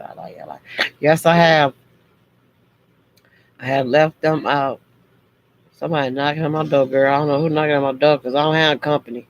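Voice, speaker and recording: A woman's voice: low-pitched, a little fast, dull audio, slight background noise. A woman hosting a casual livestream chat. She talks to her viewers in a harsh, blunt way, though she means no harm. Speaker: livestream host.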